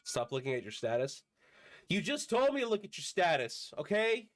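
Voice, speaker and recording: A man streaming a video game, chatting casually and bantering with viewers, his voice a bit hoarse from a recent illness. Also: high-pitched, big pitch swings, normal speed, no echo. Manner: joking, bantering with chat.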